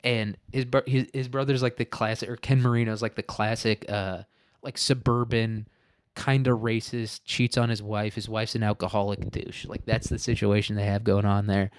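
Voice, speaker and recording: A man's voice: lowish voice, flat delivery, moderate pace, clear, resonant tone, dry recording, clean studio sound. A man hosting a podcast alone, telling rambling stories in casual, profane talk and laughing often. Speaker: podcast host. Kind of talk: casual solo podcast monologue.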